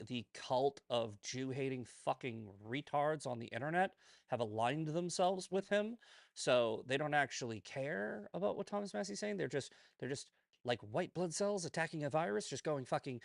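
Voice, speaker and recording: A man's voice: medium pitch, moderate pace, creaky, dry recording, clean studio sound. A man hosting a political commentary show, ranting in a profane, heated, combative way and often tagging on "right?" and "okay?".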